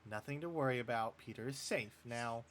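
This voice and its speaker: A man voicing a motherly older woman who runs a house, calming someone down and calling her dear. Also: medium pitch, fairly quick, slight background noise, natural voice. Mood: soothing. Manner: soothing, calls people dear. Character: motherly older woman, soothing innkeeper madam.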